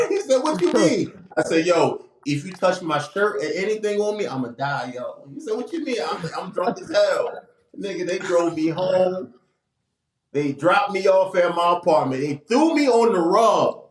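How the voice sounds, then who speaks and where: A man, telling a wild story with a lively, swooping voice, jumping high whenever he quotes someone. His voice sits a little high for a man. The room is echoey, with a faint hiss behind him. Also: moderate pace. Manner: lively, acts out quoted voices with big pitch jumps. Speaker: podcast co-host telling a story. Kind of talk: animated casual storytelling.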